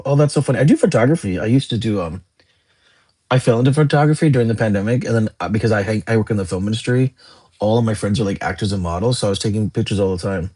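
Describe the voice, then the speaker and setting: A man's voice: on the low side, fast talker, mellow, breathy edge. A young man hosting a casual livestream, chatting and answering viewer comments in a rambling way. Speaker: livestream host. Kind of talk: casual live chat reading comments.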